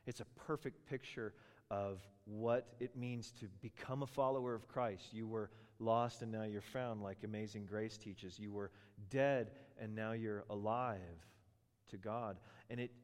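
A man's voice: fairly low pitch, unhurried. Man preaching in a reverberant hall. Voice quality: animated, jokey storytelling with voices for characters. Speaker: pastor. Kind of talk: sermon. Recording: long reverb of a large hall.

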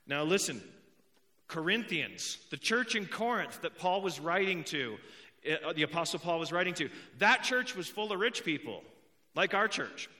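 A man's voice: high-pitched, very animated, moderate pace, pushed and bright. A young adult man preaching a conversational sermon, emphatic and repeating key points, with joking asides to the congregation. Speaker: pastor.

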